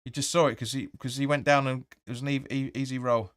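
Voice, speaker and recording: A man's voice: mid-range voice, steady tone, quick pace, fairly bright tone, clear, resonant tone, no room sound, studio quality. A man hosting a live match watch-along, giving blunt, opinionated commentary with swearing and reading viewer comments aloud. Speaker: fan channel host.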